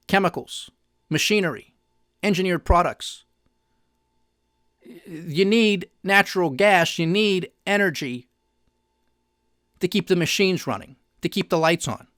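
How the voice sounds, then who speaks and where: A man's voice: high voice, a bit bright, no room sound, clean studio sound. A man hosting a finance news show, giving emphatic, sarcastic opinion commentary straight to his audience.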